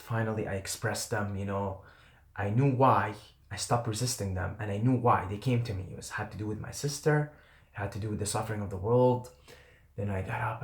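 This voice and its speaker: A man telling a personal story to camera in a casual, earnest and intense way, often trailing off and swearing. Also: fairly low pitch. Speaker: vlogger. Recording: roomy echo.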